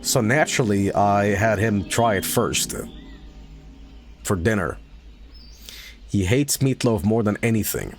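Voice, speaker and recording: Animated lower-voiced man streaming a game. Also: measured pace, long pauses, faint music behind. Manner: rambling storyteller, swears casually, laughs loudly. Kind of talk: casual live-stream chat while gaming.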